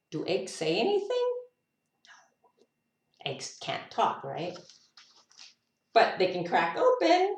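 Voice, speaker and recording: Reading a picture book to kids, this teacher's mid-range voice swoops wildly in pitch, moving slowly with frequent pauses. Her animal noises and musing asides come off unrehearsed and laughing, and she sounds distant in an echoey room.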